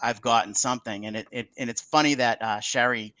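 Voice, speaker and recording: A man tells a story as a podcast guest, speaking in a middle-pitched voice. He acts out every line of quoted dialogue, jumping up and down in pitch and stumbling over restarts. The sound is close and dry, with no room echo at all. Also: steady tone, a little fast, sharp tone. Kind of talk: casual storytelling interview.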